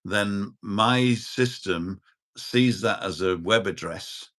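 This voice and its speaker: Deep-voiced older man with dry humor. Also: takes it slowly, fairly bright tone. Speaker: podcast guest. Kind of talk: casual chat.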